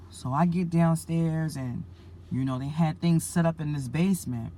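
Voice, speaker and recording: A woman's voice: sits low, normal speed, mellow. A woman preacher earnestly retelling a dream to her listeners, repeating herself and calling them family. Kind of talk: spoken religious message.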